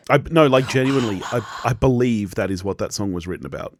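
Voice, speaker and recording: A man's voice: on the low side, quick pace, few pauses, dry recording. An Australian man co-hosting a podcast, rambling through a casual sitcom recap, laughing often and swearing freely. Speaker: podcast co-host.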